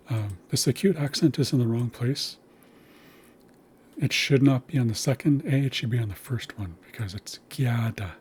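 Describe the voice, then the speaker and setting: Guy teaching consonant sounds, slow and patient, bit of hiss in the background. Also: medium pitch, darkish tone. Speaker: language teacher. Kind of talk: recorded language lesson.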